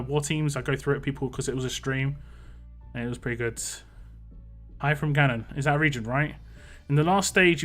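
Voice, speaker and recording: Young male streamer, talks to chat, hypes up lucky rolls; higher, punchy tone. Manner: chatty, greets chat viewers by name and thanks them; excitable when hoping for lucky results. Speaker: mobile game streamer. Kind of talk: live-stream gameplay chat.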